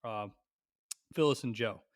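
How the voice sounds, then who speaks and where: A young man on a podcast, telling a long family story in a lively, animated way and swearing freely. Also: medium pitch, measured pace, dry recording, clean studio sound. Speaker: podcast co-host. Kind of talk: casual storytelling chat.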